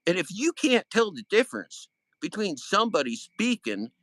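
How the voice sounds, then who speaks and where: Man, livestream host, heated confrontational rant, high lively voice, bright and dry. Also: moderate pace, dry recording, rough recording. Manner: angry, confrontational, swearing.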